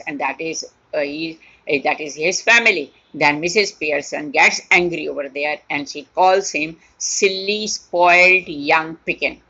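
Low-voiced, husky female teacher. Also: bright, forceful tone. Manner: paraphrases line by line, repeating and rephrasing. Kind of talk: explaining a play to a class. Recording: dull lo-fi recording.

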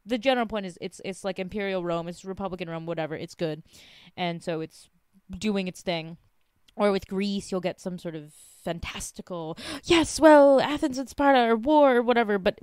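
A woman's voice: medium pitch, clear, resonant tone, no echo, studio quality. An American woman hosting a podcast, chatting casually and animatedly with jokey asides. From United States. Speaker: podcast host. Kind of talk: casual chat.

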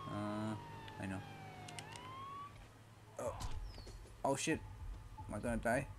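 A man's voice: mid-range voice, big pitch swings, slow, long pauses. A man giving casual, profane commentary while playing a video game, full of frustrated outbursts and laughter. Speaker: gamer.

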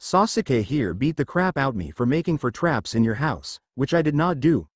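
A man's voice: mid-range voice, very animated, moderate pace, breathy edge, dry recording. A man voicing an evasive adult male ninja teacher who sounds defensive and sheepish. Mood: flustered.

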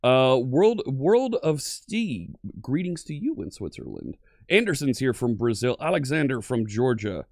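A man's voice: mid-range voice, very animated, a little slow, darkish tone, no echo, studio quality. A man hosting a live-streamed coding lesson, upbeat and friendly, greeting viewers one by one from the chat. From Pennsylvania.

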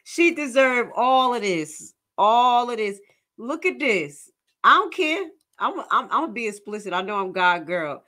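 Woman, reaction commentary, mocking, profane, bright tone, unhurried delivery. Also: a little high, big pitch swings. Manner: dramatic outbursts of disgust. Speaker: commentary vlogger.

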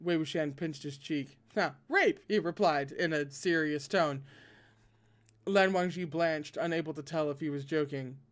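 A man reading a novel aloud expressively, now and then breaking in with excited asides. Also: fairly high pitch, moderate pace. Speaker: podcast reader.

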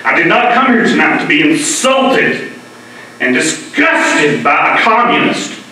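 A middle-aged man speaks with earnest passion to a public gathering, his fairly high, bright, forceful voice stumbling over repeated words as he pushes on. He is picked up from across a very echoey room, so his voice rings with reverb. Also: sing-song, a little slow, a little hiss or hum. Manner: emotional, earnest, repeats words when stirred. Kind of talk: impassioned public address. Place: public library meeting room. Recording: very echoey hall, mic far off.

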